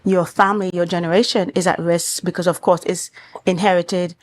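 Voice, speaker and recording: A doctor with a Trinidad and Tobago accent appears as a guest on a morning talk show, explaining matters in a measured, clinical manner. Her voice is lowish and her tone level.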